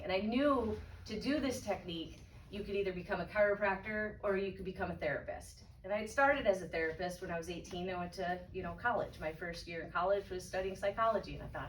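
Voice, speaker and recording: A woman in her thirties gives a candid personal testimony with a slightly low voice, circling back and restarting as she tells it. She stands some distance from the microphone, so her voice sounds roomy and echoey. A faint hum of room ambience sits underneath. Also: quick pace, fairly bright tone. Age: 30s. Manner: candid, storytelling, frequent restarts. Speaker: guest speaker. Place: event room.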